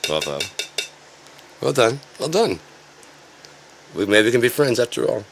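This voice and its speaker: A man's voice: medium pitch, very animated, measured pace. A man ranting in a sarcastic, rambling and profane way, as an online commentator.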